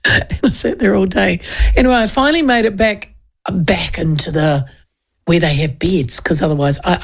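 A woman's voice: mid-range voice, gravelly, husky. A woman with a New Zealand accent hosting talk radio, chatting in a rambling way and running through the news. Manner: rambling, chatty, with many restarts. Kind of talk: casual talk radio chat and news rundown.

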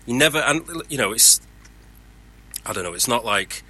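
A man's voice: mid-range voice, lively intonation, moderate pace, pushed and bright, slightly rough, no echo. A man who is a voice actor, talking candidly and earnestly about his work in casual chat.

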